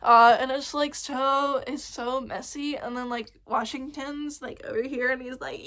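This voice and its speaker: A young woman ranting excitedly in a casual fan vlog, rambling with lots of fillers and swearing. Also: high voice, measured pace, hardly any pauses. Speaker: vlogger.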